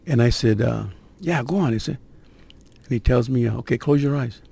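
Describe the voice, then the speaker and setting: A man's voice: medium pitch, brisk, gravelly, dark tone, slightly rough, no room sound. An older man, telling his conversion story in a conversational, streetwise way with suspense-building asides. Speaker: guest sharing his conversion testimony. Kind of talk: personal testimony storytelling.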